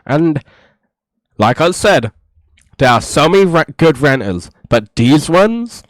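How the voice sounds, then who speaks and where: Brief: male reaction streamer, rambling and exasperated, slow delivery, lively pitch, dry low-quality mic. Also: no room sound. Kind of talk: casual reaction commentary.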